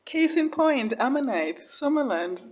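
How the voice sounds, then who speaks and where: A woman's voice: high voice, big pitch swings, a little slow, a little mellow. A woman hosting a reaction video, chatting casually and emotionally, often exclaiming and repeating words for emphasis.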